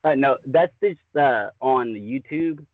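A man's voice: mid-range voice, takes it slowly, faint music behind. A man with a Southern twang, a podcast guest talking casually in a rambling, easygoing way, tossing in "man" often. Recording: tinny phone-like remote line.

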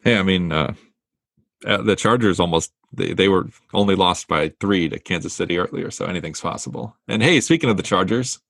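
A man co-hosting a podcast, relaxed casual sports chat, laughing often. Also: low-pitched, brisk, gravelly, no echo, clean studio sound. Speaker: podcast co-host.

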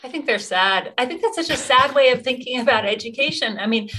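A woman's voice: fairly high pitch, lively intonation, a little fast, bright, forceful tone. A middle-aged woman activist answering interview questions earnestly, with many fillers and restarts. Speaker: activist guest.

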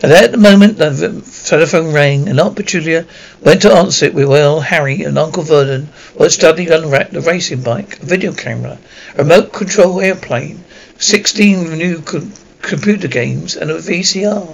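A man's voice: on the high side, normal speed, creaky, low-quality recording. Stumbling man reading aloud. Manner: stumbling, frequent self-corrections. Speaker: narrator. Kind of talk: audiobook reading.

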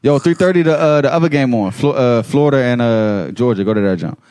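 A man's voice: medium pitch, a little fast, darkish tone, clean tone, dry recording. A man hosting a casual podcast chat, joking loosely and laughing often. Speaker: podcast host.

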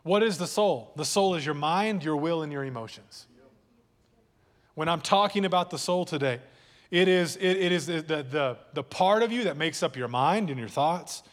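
A man's voice: a little high, animated, moderate pace, big-room sound. A male pastor preaching a sermon in a church, talking casually, repeating words and joking with his listeners. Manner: conversational preaching with repeated words and audience jokes. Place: church hall.

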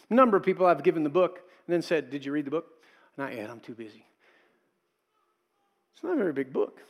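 A man's voice: a little high, in a large hall. A middle-aged male pastor preaching a sermon in a conversational way, acting out quotes and adding asides.

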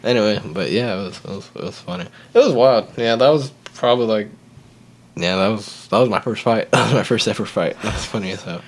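A young podcast host with a fairly low, lively voice speaks briskly through a long, rambling, casual story. He fills it with verbal fillers and acts out the voices of the people involved.

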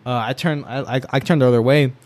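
A young man spins a rambling story at a quick clip, full of filler words and laughter. His pitch sits in an ordinary middle range for a man. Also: fairly even intonation, darkish tone. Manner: laughs often while telling. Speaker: storyteller guest. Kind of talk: casual storytelling chat.

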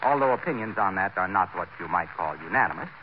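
A hearty radio announcer. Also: male voice, deep voice, lively intonation, fast talker, dull audio. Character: jovial announcer who praises the sponsor. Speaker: show announcer. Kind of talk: 1940s radio comedy acting. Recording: old radio recording with hiss.

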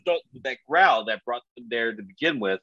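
A man casually retelling a story as a podcast co-host, animated and loose, full of filler words. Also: mid-range voice, moderate pace, dry recording. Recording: dull lo-fi dry recording.

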